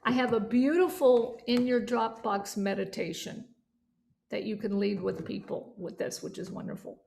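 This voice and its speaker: A woman teaching a vocal yoga certification class, chatty and animated, breaking off to demonstrate voices and resonance. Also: a little high, moderate pace, vocal fry.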